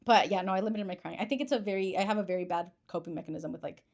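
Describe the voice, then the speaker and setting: A woman in her twenties chats casually as a podcast guest, rambling, putting herself down, and using lots of fillers. Her mid-range voice moves very fast.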